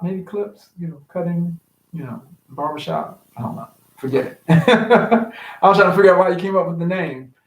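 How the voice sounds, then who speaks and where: A man hosting a casual live-streamed cocktail hour, chatting in a relaxed way full of ums. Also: a little high, reverberant, low-quality recording. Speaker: livestream host. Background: music.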